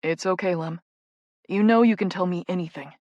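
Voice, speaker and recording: A woman's voice: fairly low pitch, normal speed, mellow, no echo, lo-fi sound, lightly acted. A woman narrating an audiobook voices a protective young adult twin brother with wry, teasing banter. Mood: gentle.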